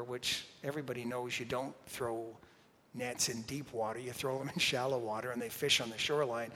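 A male pastor preaching a sermon with dynamic swings from loud declarations to hushed whispers. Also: medium pitch, steady tone, a little fast. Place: church sanctuary. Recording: long reverb of a large hall.

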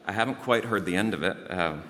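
A man preaching a sermon, telling a story in a lively way and praying in a hushed voice. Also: deep voice, fast talker. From outside the United States. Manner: lively anecdotal delivery, hushed in prayer. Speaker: pastor. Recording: long hall reverb.

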